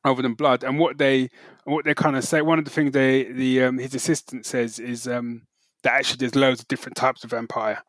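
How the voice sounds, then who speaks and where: A man's voice: medium pitch, fairly quick, no room sound. A man co-hosting a casual podcast chat, telling stories with animation and humming theme tunes as he goes. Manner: animated storyteller who hums theme tunes. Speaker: podcast co-host.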